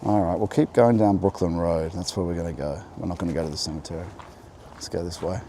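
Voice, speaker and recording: Speaking quickly with fairly even intonation, this man's voice sits low against some background noise. He's a vlogger with a General Australian accent, rambling reflectively to viewers on a rainy walk near a road with an umbrella as he navigates. A handheld camera serves as the microphone.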